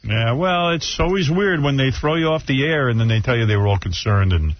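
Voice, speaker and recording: A man's voice: medium pitch, expressive, brisk. A man hosting a radio talk show, blunt and mocking as he banters and rants. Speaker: radio host. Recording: dull lo-fi radio audio with faint music.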